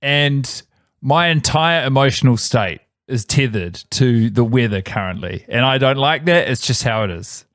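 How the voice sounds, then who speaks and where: Kiwi guy co-hosting a podcast, mid-pitch, rambling animated chat, dry close mic. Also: a little slow, dry recording. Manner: rambling, self-correcting, animated storytelling. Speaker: podcast co-host. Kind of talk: casual chat.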